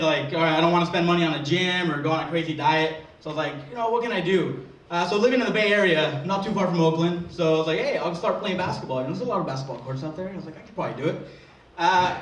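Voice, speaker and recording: A man's voice: a little high, quick pace, fairly bright tone. A young man performing a crude, self-deprecating stand-up routine, full of swearing, to a live audience. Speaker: stand-up comedian. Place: live comedy venue with audience. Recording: echoey room, distant mic, crowd laughter.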